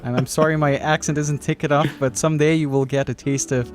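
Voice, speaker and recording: A man's voice: on the high side, steady tone, faint music behind. A man from the Philippines casting an esports match, teasing and joking between draft calls. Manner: playful, teasing, quick to laugh. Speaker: esports caster.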